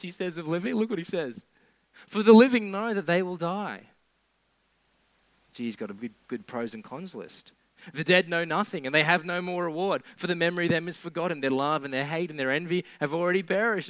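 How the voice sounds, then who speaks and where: A man's voice: high-pitched, a bit bright, no echo. A man preaching a sermon in a conversational way, with sarcastic asides.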